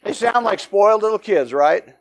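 A man teaching a Bible study, telling the stories in a lively way, acting out the quotes and adding joking asides. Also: sits high, normal speed. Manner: animated storytelling with acted-out quotes and joking asides.

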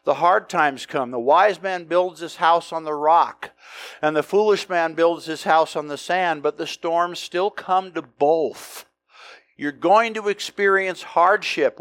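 A middle-aged pastor from the United States preaching a conversational, emphatic sermon full of rhetorical questions. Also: male voice, a little high, fairly bright tone, no room sound.

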